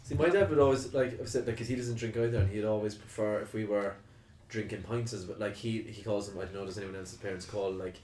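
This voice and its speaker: A man's voice: lowish voice, fairly even intonation, quick pace, darkish tone, a little hiss or hum. A young man with a strong Cork Irish accent, chatting casually and telling rambling stories full of fillers. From Ireland. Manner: rambling storyteller, lots of fillers. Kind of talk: casual podcast chat. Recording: roomy echo.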